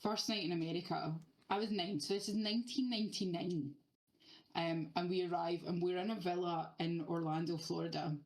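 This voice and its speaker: A woman's voice: fairly low pitch, steady tone, brisk, darkish tone, low-quality recording. A woman in her thirties co-hosting a podcast, telling stories animatedly and swearing freely in casual chat. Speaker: podcast co-host.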